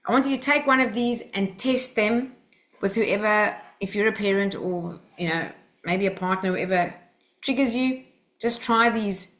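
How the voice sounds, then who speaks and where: A woman's voice: medium pitch, normal speed, fairly bright tone. An Australian woman teaching a workshop group, talking in an earnest, personal, coaching way.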